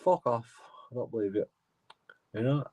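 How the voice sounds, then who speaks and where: Guy with a lowish voice, casual profane rant that loops back on itself. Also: lively intonation, normal speed, darkish tone. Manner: profane, repetitive, restarts phrases. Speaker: auditor vlogger. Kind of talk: casual rambling monologue.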